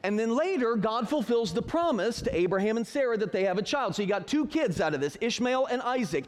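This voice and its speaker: Joking, high-voiced male preacher. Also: very animated, fairly quick. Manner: joking, sarcastic storyteller. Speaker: pastor. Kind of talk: humorous Bible teaching. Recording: reverberant hall.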